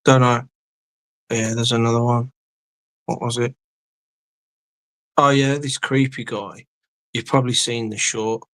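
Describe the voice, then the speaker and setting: A man's voice: medium pitch, little pitch movement, measured pace, long pauses, fairly bright tone, no room sound. A man chatting casually on a late-night live stream, rambling, trailing off and swearing a lot.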